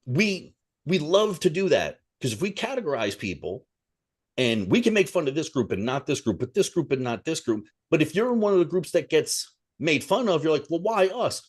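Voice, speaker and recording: A man's voice: fairly high pitch, sing-song, moderate pace, slightly rough. Heated, profane man ranting on a podcast. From Italian-American. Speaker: podcast co-host. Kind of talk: casual chat.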